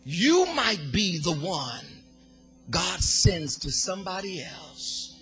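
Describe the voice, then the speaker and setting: A man preaching a sermon in a sing-song cadence, swinging between hushed, quiet passages and fervent shouting. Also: high-pitched, lively intonation, slow pace, soft background music.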